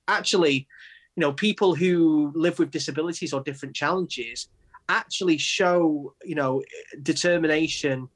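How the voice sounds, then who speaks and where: A man in his forties with an English accent, a poet answering interview questions in a halting, earnest way with many restarts. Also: fairly high pitch. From England. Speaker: guest, poet. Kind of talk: conversational interview.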